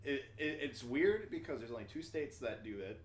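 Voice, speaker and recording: A young man, a musician guest on a podcast, telling quick, relaxed road anecdotes in casual chat. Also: mid-range voice, a little hiss or hum. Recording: echoey room with faint ambience.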